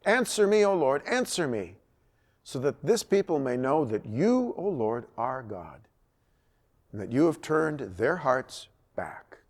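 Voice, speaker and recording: A man's voice: mid-range voice, big pitch swings, a little slow. A man voicing a bold, mocking male biblical prophet who speaks in a commanding tone. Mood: praying.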